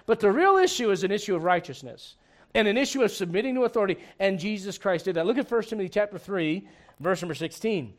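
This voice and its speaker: High-voiced animated preacher man. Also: fast. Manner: animated preaching with humor and rhetorical questions. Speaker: pastor. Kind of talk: sermon.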